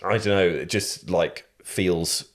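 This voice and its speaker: A man co-hosting a film podcast in casual chat, swearing freely and mimicking characters in quick asides. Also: sits low. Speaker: podcast co-host.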